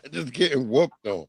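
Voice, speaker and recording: A man from New York co-hosts in loose comedic banter, his voice sitting high. He tells stories with lively mimicry and loud shouted impressions. The sound is dry and close, with no room around it. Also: vocal fry, husky, dry recording. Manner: animated storyteller who mimics people in loud bursts. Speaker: podcast co-host.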